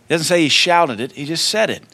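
A man preaching a sermon in a loose, conversational way, swinging between quiet asides and loud declarations. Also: a little high, lively intonation, brisk. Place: church.

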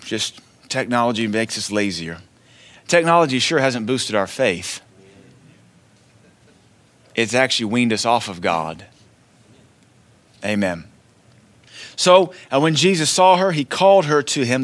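Guy preaching a sermon, chatty, gets loud then quiet again, mid-pitch voice. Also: very animated, a little slow, pauses often. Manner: conversational preaching, swings between loud declarations and quiet asides. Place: church.

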